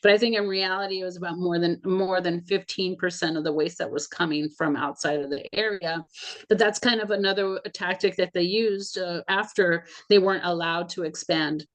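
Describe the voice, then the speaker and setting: A woman's voice: on the low side, fairly even intonation, normal speed. Earnest woman guest on a video call. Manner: earnest, hesitant, with frequent fillers. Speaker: interview guest, community advocate. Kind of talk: casual video call conversation.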